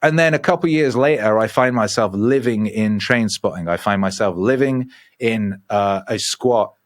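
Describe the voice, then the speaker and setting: A man's voice: on the low side, normal speed. Male guest, casual podcast talk, swears freely, rambling anecdotes. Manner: profane, rambling storyteller who acts out voices.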